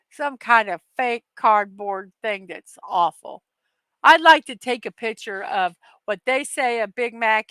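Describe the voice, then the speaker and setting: A woman's voice: mid-range voice, bright, forceful tone, clear, resonant tone, no room sound. A middle-aged woman hosting a daily morning show, chatting casually with many fillers and reading viewer comments aloud. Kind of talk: casual live-stream chat.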